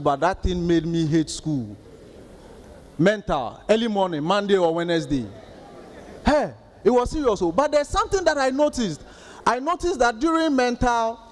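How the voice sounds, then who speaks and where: Doing stand-up comedy, a Ghanaian-accented man in his thirties spins lively stories and mimics the outbursts of others. He speaks at a normal speed in a voice that sits high.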